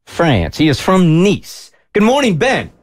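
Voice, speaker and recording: Upbeat lively male radio host. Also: high-pitched, a little slow. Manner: upbeat, laughing often. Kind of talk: morning radio banter.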